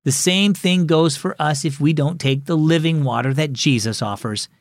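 Man reading as a patient, gentle mom. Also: a little high, moderate pace, no room sound, studio quality, natural voice. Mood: gently teaching. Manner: gentle, explaining. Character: kind, patient mother. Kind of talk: storybook reading.

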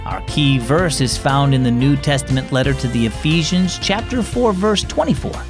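A man's voice: mid-range voice, expressive, normal speed, over music. A man hosting and narrating a children's Christian devotional, reading the story in a friendly, storyteller manner.

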